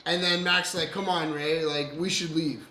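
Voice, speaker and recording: Excitable high-voiced man telling a story. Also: moderate pace. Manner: swearing, laughing, acting out quoted lines loudly. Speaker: podcast co-host. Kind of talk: animated storytelling among friends. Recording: roomy echo.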